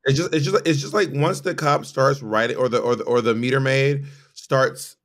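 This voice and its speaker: A man's voice: medium pitch, fairly even intonation, moderate pace. A man co-hosting a podcast in casual, opinionated chat, often restarting his sentences. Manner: chatty and opinionated, frequent restarts. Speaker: podcast co-host.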